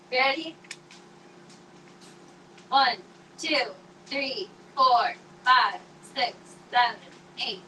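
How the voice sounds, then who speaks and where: Bright-voiced chatty woman streamer. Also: mid-range voice, a little hiss or hum, rough recording. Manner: chatty, rambling, filler-heavy. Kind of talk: casual chat. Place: home kitchen, indoors.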